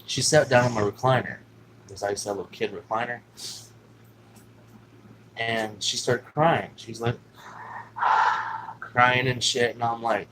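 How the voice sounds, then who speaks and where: A man's voice: medium pitch, normal speed, pauses often, a bit bright, a little hiss or hum, rough recording. Rambling, cursing man telling a story. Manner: rambling, profane, with many fillers. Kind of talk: casual personal storytelling.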